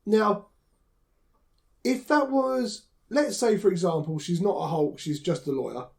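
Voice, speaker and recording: A man co-hosts a casual podcast conversation. His voice is slightly higher than most men's, and he works through his points by giving everyday examples. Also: measured pace, gravelly, darkish tone. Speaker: podcast co-host. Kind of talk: casual chat.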